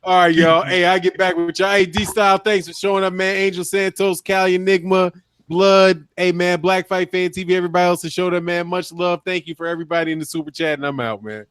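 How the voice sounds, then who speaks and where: Smooth high-voiced man hosting a stream. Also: fairly even intonation, fast talker, fairly bright tone, no echo, studio quality. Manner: easygoing, signing off with thanks. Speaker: stream host. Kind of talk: casual live chat.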